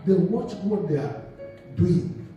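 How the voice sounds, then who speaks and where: This pastor, a man with a high, mellow tone, delivers an expressive sermon slowly and keeps inviting his congregation to complete his lines. The audio is dull and distant, his voice ringing through a very echoey hall over faint music.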